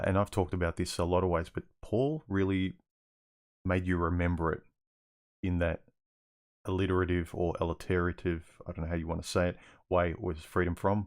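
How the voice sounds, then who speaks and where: A man's voice: deep voice, flat delivery, moderate pace. A man hosting a livestream Q&A, reading viewer questions aloud and answering them in a rambling, casual way. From Australia. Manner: rambling, restarts often, reads chat questions aloud.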